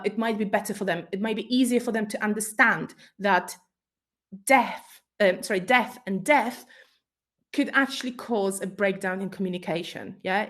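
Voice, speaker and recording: Polish-speaking woman teacher trainer. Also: mid-range voice. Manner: explanatory, checks in with frequent "right?". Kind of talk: conference talk on pronunciation.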